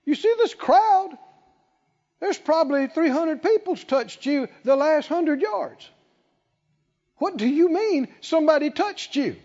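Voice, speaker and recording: Preacher doing a baffled male disciple, higher and incredulous, long hall echo. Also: expressive, takes it slowly, darkish tone, full character voice. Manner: incredulous, questioning. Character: puzzled male disciples questioning their master. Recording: dull sound with long hall reverb.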